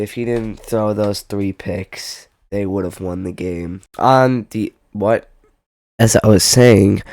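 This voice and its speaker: A young man with a lowish, slightly mellow voice rambles through casual football picks as a sports predictions vlogger, speaking at an unhurried, drawn-out pace. He trails off, corrects himself and drops jokey asides, all on a dry, close recording with no room sound.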